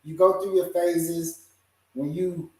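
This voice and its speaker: A man's voice: high-pitched, fairly even intonation, slow, mellow. A man hosting a casual podcast chat, easygoing, laughing often and hedging with fillers. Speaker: podcast host. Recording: echoey room, voice far from the mic.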